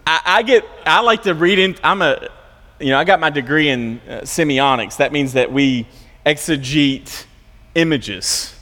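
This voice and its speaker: A man's voice: on the high side, unhurried, pushed and bright, in a large hall. A man preaching a sermon as a pastor, telling a story in a loose, conversational way and often restarting and repeating words.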